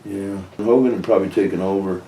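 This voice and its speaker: A deep-voiced man recounts an old backstage fight in blunt, profane detail and voices each side of the argument. He sounds a little far from the mic in an echoey room with a faint hiss underneath. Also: fairly even intonation, quick pace, mellow. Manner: blunt, profane, retells arguments in quoted dialogue. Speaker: retired pro wrestler guest. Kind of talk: candid storytelling interview. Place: indoor room with a coffee maker.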